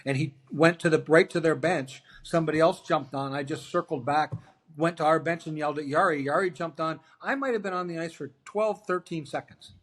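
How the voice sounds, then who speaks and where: Man telling animated locker-room stories. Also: on the high side, a little fast. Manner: animated anecdotes, acts out quoted dialogue. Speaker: interview guest, former hockey player. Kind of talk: storytelling in a casual interview.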